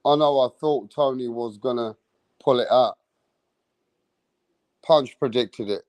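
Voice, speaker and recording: A man's voice: medium pitch, measured pace, a little mellow, dry recording. A man hosting a live stream about boxing, brash and profane, talking straight to his chat and boasting about his predictions. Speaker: boxing channel host.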